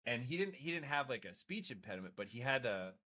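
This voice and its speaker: A man's voice: mid-range voice, very animated, fast, bright, forceful tone. A man, a Marine veteran guest on a podcast, telling stories in casual chat, swearing freely, laughing along and restarting his words often.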